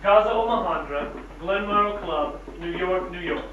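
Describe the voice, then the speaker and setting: An actor playing a sardonic, polished worldly traveler in an old film. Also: male voice, high voice, normal speed, lightly acted. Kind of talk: 1940s film acting. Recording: echoey, distant, dull old film soundtrack.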